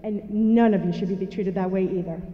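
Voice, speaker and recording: A woman's voice: mid-range voice, moderate pace, a little hiss or hum. Woman telling her story in an echoey hall. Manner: animated storyteller who acts out dialogue. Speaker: speaker sharing a personal story. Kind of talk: personal testimony speech to an audience. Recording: echoey hall, dull sound.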